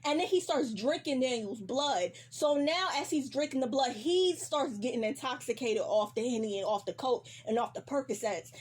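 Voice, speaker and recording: Young female recap host, animated, slangy, husky. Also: high voice, moderate pace, hardly any pauses. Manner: animated, slangy, heavy profanity. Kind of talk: casual TV recap.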